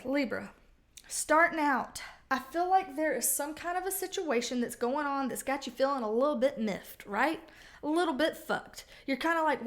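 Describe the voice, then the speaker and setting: Woman, high voice, tarot reader, casual reading, blunt, profane, chatty.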